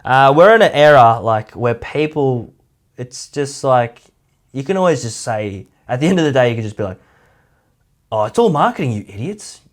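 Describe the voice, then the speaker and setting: A medium-pitched Australian voice with lively intonation moves along at normal speed. He's a YouTube commentator whose casual talk rambles, relies heavily on "like," and keeps slipping into mockery.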